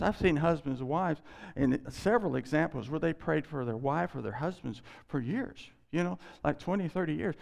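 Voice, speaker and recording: A male pastor preaching a sermon on a scripture passage, animated and acting out the quoted lines. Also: on the high side, gravelly. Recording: long hall reverb.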